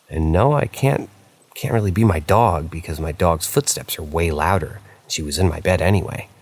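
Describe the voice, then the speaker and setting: A man's voice: sits low, husky. A man narrating true paranormal stories aloud in a casual, conversational reading style with occasional asides.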